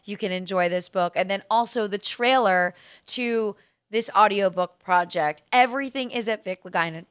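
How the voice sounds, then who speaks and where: A woman's voice: mid-range voice, moderate pace, fairly bright tone, smooth, dry recording, clean studio sound. A woman hosting a casual interview podcast, asking direct, frank questions. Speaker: podcast host.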